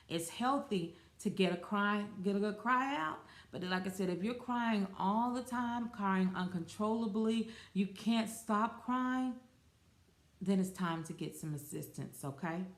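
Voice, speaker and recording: A woman's voice: medium pitch, unhurried. A woman in her forties hosting a podcast, talking casually and rambling with fillers and self-corrections. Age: 40s. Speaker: podcast host. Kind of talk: casual solo podcast talk. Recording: roomy echo.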